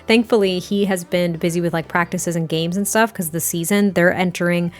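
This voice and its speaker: A young woman hosts and narrates her life-sim game story in a chatty, filler-heavy style. Her voice sits at a middle pitch and she speaks in casual asides. Faint music plays underneath. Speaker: gameplay narrator.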